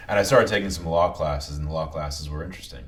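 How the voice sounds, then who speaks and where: A New England man guesting on a podcast tells his story in a relaxed, conversational interview, restarting often. He has a bass voice, a quick pace and a softened New England Italian American accent.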